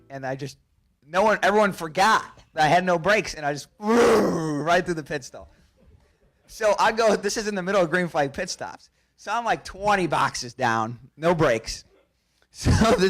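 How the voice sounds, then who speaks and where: A race car driver telling a lively anecdote at a press conference, laughing through it and restarting his sentences quickly. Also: a little high.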